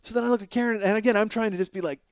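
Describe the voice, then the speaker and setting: A man in his forties telling a comic story alone as a podcast host, animated and self-mocking, with plenty of swearing, going from loud outbursts to low mutters. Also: racing, clear, resonant tone, no echo. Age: 40s. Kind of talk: solo comedic storytelling.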